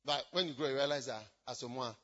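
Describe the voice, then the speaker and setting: A man preaching a sermon in a church, shouting out points and then dropping low. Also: quick pace, highs cut off. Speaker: pastor.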